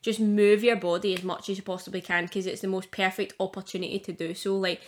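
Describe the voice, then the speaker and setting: A woman's voice: medium pitch, level tone, fast talker. Chatty Scottish woman podcast host. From Scotland. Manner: chatty, laughing often, rambling with lots of fillers. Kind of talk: casual podcast chat.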